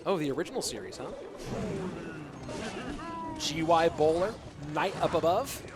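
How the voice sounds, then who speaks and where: A man's voice: a little high, expressive, measured pace, loud music behind the voice. A man with an American accent casting a live video game tournament, chatting with viewers between plays. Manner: chatty, reads and answers viewer chat. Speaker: esports caster. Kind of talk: live esports commentary with chat banter.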